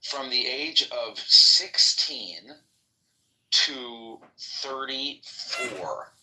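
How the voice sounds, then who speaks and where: A man in a casual group conversation, talking in a rambling, profane and animated way. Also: mid-range voice, very slow, a little hiss or hum, poor audio. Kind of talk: casual heated group chat.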